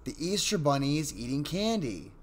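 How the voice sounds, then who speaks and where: A man voicing a frightened little girl who pleads with her mother in a high, whiny voice while reading a story aloud. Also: very animated, moderate pace, a little hiss or hum. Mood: pleading.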